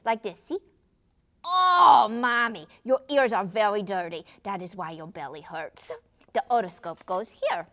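A woman's voice: medium pitch, fairly bright tone. A woman voicing an eager little boy who loves helping, talking in childlike pretend play with broken grammar, in a puppet show.

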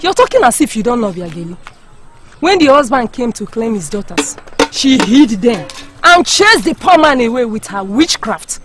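A bitter, gossipy village woman. Her voice is high and lively, jumping up and down, with faint film music behind. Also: moderate pace. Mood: gossiping. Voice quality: bitter, gossipy, sharp-tongued. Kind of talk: Nollywood film acting. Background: soft film music.

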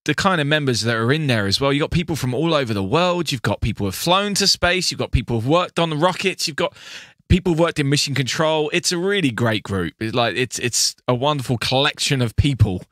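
A man's voice: medium pitch, no echo, studio quality. A man co-hosting a podcast in casual chat, upbeat and encouraging. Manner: upbeat and encouraging, animated intonation. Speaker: podcast co-host.

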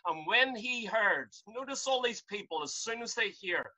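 Fervent preacher with a bright voice. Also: male voice, high-pitched, animated, normal speed, rough recording. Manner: fervent, repetitive pleading cries, rising to shouts. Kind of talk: sermon. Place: at home. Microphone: video call.

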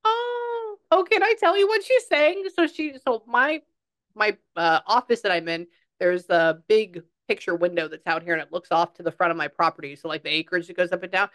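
A woman's voice: fairly low pitch, a little fast, a bit bright, dry recording. A woman working as a psychic medium in a casual session, chatting and passing on quotes in a conversational way.

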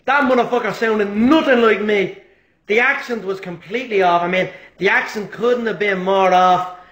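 A man's voice: sits high, moderate pace, fairly bright tone, roomy sound. A man impersonating a brash, boastful male fighter who swears and trash-talks. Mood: cocky.

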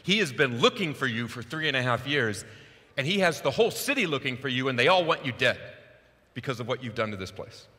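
A man voicing a frightened male servant who protests in a hurried rush, heard with a long church reverb. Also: mid-range voice, expressive, pushed and bright. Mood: anxious.

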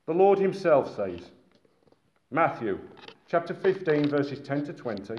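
A man from Britain preaching a sermon in a lively, conversational way with asides to his listeners. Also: a little high, measured pace. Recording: echoey, dull-sounding hall recording.

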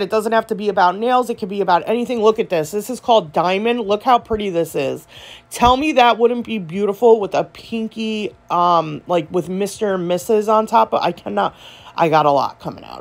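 A woman nail vlogger, gushing in a chatty casual product review full of fillers. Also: medium pitch.

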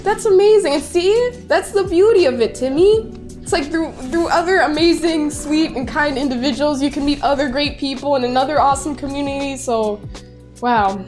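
A woman's voice: high-pitched, moderate pace, darkish tone, soft background music. A young woman in her twenties streaming and reading viewer messages aloud in a bubbly, gushing way. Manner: bubbly, gushing, squeals and laughs. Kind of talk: casual livestream chat, reading viewer messages.

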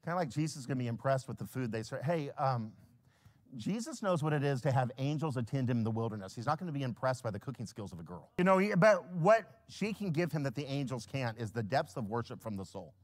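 A male pastor preaching a sermon, swinging from hushed lines to loud acted-out scenes. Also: medium pitch, animated, fast talker. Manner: acts out little scenes in quoted voices.

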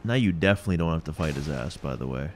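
A man's voice: extremely low pitch, expressive, very fast, slight background noise. A man co-hosting a casual gaming stream, teasing and backseating his friend while swearing often. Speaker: gaming channel co-host. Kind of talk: casual gameplay commentary.

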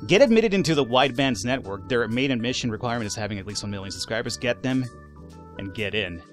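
A man giving casual, animated let's-play commentary, swearing, laughing and talking back to the game's characters. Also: mid-range voice, quick pace, soft background music. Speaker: gaming YouTuber.

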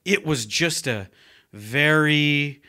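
A man's voice: on the high side, sharp tone. A man doing a pompous, drawling aristocrat. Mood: smug. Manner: pompous, drawn-out theatrical delivery. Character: pompous overly formal adult man. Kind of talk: comedic character bit.

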